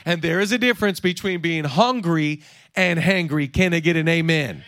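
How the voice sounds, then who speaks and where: A man in his thirties preaching a sermon in a playful, energetic way, joking and acting out quotes from the story. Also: fairly high pitch, normal speed, dry recording. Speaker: pastor. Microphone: seated on a stool.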